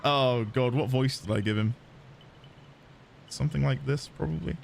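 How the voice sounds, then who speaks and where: A man commentating live as he plays a video game, excitable and joking with his chat. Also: medium pitch, moderate pace, vocal fry. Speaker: streamer. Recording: game music behind.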